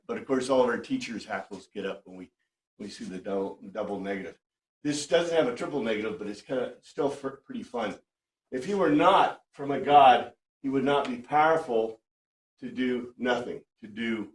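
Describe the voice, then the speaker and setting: A man's voice: mid-range voice, roomy sound. A man teaching a Bible class in a conversational way, often checking in with his listeners. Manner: chatty, checks in with "right?". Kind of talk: informal lecture to a class.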